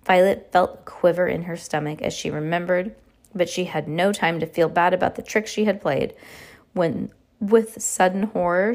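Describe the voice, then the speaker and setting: She has a lowish, darkish voice as she reads a novel aloud. The reading is full of stumbles she stops to correct.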